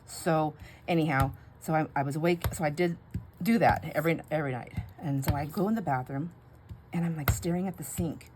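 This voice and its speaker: Low voice lady chatting away while crafting, rambly and giggly, hissy home recording. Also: fairly quick. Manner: rambling and chatty, laughs often, muses aloud. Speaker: crafting vlogger. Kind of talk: casual chatty crafting vlog. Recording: home recording with steady background noise.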